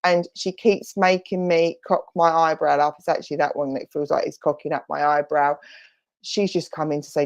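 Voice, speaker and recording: A woman's voice: low voice, level tone, moderate pace, darkish tone, highs cut off. A woman, a spiritualist medium, giving a chatty, reassuring clairvoyant reading at an online church service, relaying messages and calling the listener "my lovely". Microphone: online church service stream.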